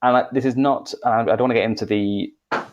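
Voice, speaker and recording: A man's voice: medium pitch, steady tone, fast, a little mellow, dull audio. A Welsh man co-hosting a podcast, talking in a rambling, self-correcting, chatty way. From Wales. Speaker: podcast co-host, English teacher. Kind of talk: casual podcast discussion.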